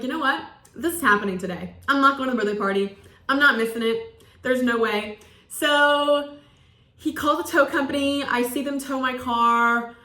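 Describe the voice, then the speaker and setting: A young woman in her twenties tells a story in a loose, chatty way, filling her lines with "like". Her voice is bright and sits a little high. The room around her rings with echo. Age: 20s. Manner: chatty, peppered with "like", acts out quoted lines. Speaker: college student. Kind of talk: casual storytelling. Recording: roomy echo.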